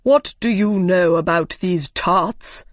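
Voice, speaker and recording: A woman voicing a stern, slow-spoken king. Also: fairly low pitch, no room sound, studio quality. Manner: slow, commanding and threatening. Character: stern, impatient male king presiding over a trial.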